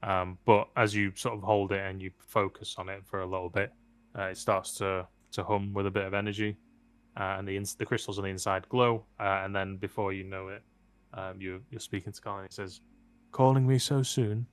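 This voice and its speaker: Low, flat-voiced man running a tabletop game. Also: brisk, clear, resonant tone. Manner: relaxed, joking, with frequent fillers. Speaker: game master.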